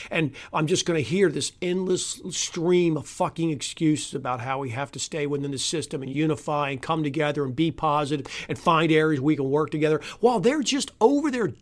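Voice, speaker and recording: Male podcast host, slightly higher voice, furious and foul-mouthed, rants alone between outbursts and weary asides. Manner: angry, profane, swings from shouting to weary muttering. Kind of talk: solo podcast rant.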